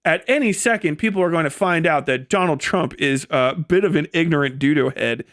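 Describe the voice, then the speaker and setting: A man's voice: fairly high pitch, a little fast, few pauses, fairly bright tone, dry recording, studio quality. A young man ranting on a livestream, profane and mocking, slipping into sneering impressions of others. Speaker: live streamer. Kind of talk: angry political rant on a livestream.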